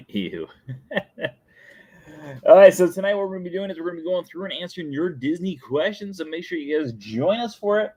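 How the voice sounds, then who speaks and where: A man's voice: sits high, expressive, a little fast, long pauses, warm tone, no room sound. A young adult man hosting a casual live stream, chatty and playful, often laughing at himself. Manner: playful and chatty, breaks into sung jingle and laughs. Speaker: host.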